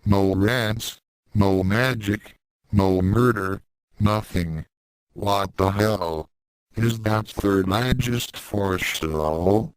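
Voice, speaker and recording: A man's voice: fairly low pitch, drawn-out words, smooth, no echo, low-quality recording. Dude reading a cranky young martial artist guy, blunt and fed up, dry sound. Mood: exasperated. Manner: blunt, exasperated. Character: brash young male martial artist, irritable.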